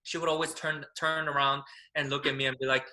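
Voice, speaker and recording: A man's voice: a little high, flat delivery, brisk, bright, forceful tone, rough recording. A man guest reminiscing in casual chat about a friendly experience. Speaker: guest drag performer.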